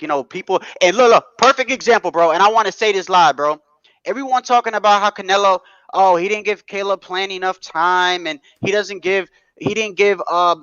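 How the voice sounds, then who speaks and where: A man co-hosts live boxing commentary from his apartment. He talks fast and loose, swears freely and drops "bro" into every other line. His voice sits high and bright, and it comes through a dull, dry home mic with the room sound cut off. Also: dry recording. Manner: animated, profane, repeats "bro". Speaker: boxing podcast co-host. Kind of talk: live casual commentary chat.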